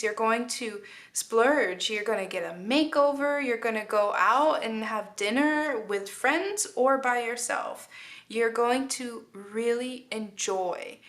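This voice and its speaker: A woman's voice: fairly high pitch, a bit bright. Emotional woman giving a tarot reading. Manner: earnest, emotional, many fillers and restarts. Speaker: tarot reader. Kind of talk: casual spoken tarot reading.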